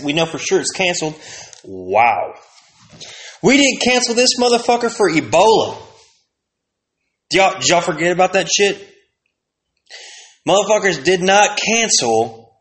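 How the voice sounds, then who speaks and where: A man's voice: fairly high pitch, a bit bright. A man ranting profanely in a rambling comedic monologue with street slang and sudden outbursts. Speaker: host.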